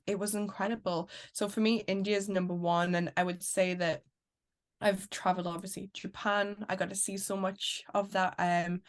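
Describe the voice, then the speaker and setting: A young woman from Newcastle with a mild Geordie accent, chatting bubbly and freely as an interview guest. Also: medium pitch. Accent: Newcastle English, mild. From Newcastle, England. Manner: bubbly, chatty, laughs between phrases. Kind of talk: casual interview chat.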